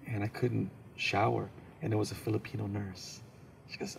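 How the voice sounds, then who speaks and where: Animated man telling a comic story. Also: fairly high pitch, quick pace, gravelly, very noisy. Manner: animated, acts out scenes and voices. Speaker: guest, comedian. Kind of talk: comedic storytelling.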